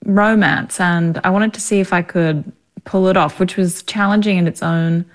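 A woman's voice: fairly low pitch, steady tone, moderate pace. An Australian woman in her thirties, an actress chatting as a guest in an interview, talking freely with frequent laughter. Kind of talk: casual interview.

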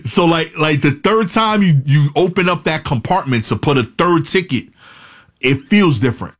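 A man telling a comic personal story, animated and building suspense through repetition. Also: fairly high pitch, normal speed, breathy edge, no echo, studio quality.

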